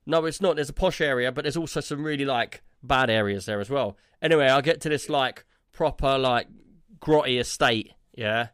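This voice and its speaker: A male podcast co-host tells a rambling story in casual chat, tagging his lines with "yeah?" and "like." His medium-pitched voice is clear, resonant and a bit bright at normal speed. The recording is dry and studio-clean.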